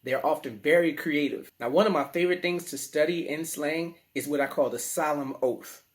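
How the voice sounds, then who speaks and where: A man with a New Orleans accent, teaching children in a playful, slangy, animated way. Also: on the high side, fairly quick. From New Orleans, USA. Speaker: teaching artist. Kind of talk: children's lesson to camera.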